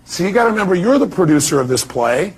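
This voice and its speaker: A man's voice: high voice, sing-song, fast, breathy edge. A middle-aged man giving an emphatic seminar talk and firing rhetorical questions at his audience. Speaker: motivational speaker.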